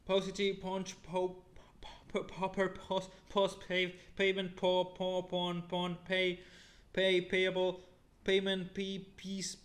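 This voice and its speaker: High flat-voiced man reading words. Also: takes it slowly. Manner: stumbles and repeats words, restarting often. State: weary from long reading. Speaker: YouTuber. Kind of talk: reading a word list aloud.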